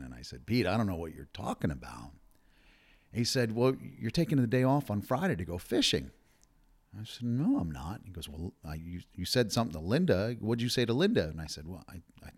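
A man with a fairly low voice hosts a podcast from a hotel room. He tells his stories with animation and plays out the other people's lines. It sounds like casual talk between friends. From New Jersey. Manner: animated storyteller acting out quoted dialogue. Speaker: podcast host. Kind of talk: storytelling podcast chat.

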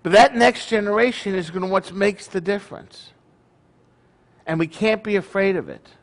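Middle-aged guy preaching to his congregation, high voice, chatty and jokey, teases himself a lot. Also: expressive, moderate pace. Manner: folksy, joking, self-deprecating. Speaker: congregation leader. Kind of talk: sermon.

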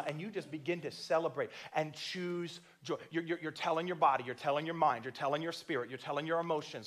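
High-voiced man preaching with fervor. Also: fast talker, few pauses, a bit bright. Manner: impassioned preaching, acts out voices of God and people in prayer. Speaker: pastor. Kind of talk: sermon. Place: church.

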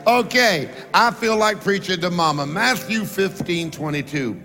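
High, gravelly preacher in a hall. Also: male voice, unhurried, few pauses, sharp tone, faint music behind. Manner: preaching with call-and-response to the congregation; rises and draws out words for emphasis. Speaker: pastor. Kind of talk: sermon. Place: large church sanctuary. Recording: long reverb of a church hall.

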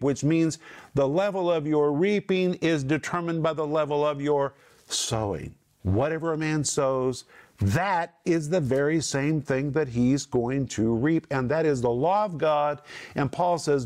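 A middle-aged man teaching from the Bible on a talk program, emphatic and repeating key phrases with slow stress. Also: fairly high pitch, a little mellow.

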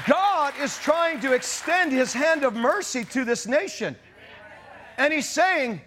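A man preaching a fiery sermon, shouting and rising to outrage. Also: extremely high pitch, expressive, slow pace, some chatter behind, slight background noise. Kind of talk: charismatic sermon.

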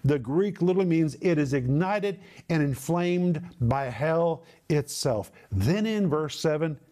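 A man's voice: fairly high pitch, animated, mellow. Emphatic middle-aged male Bible teacher. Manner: deliberate, emphatic word-by-word explanation. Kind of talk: sermon teaching.

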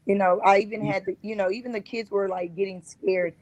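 A woman's voice: mid-range voice, fairly even intonation, a little fast, darkish tone, no room sound, poor audio. A woman guest on a talk show, earnestly recounting a personal experience and often repeating herself. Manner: earnest, repetitive storytelling.

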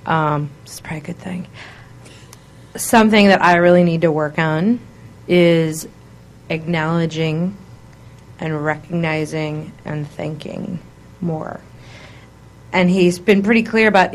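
A woman with a slightly low voice talks openly on a relaxed talk show. She is frank and self-critical in a conversational way. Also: unhurried. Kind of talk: casual chat.

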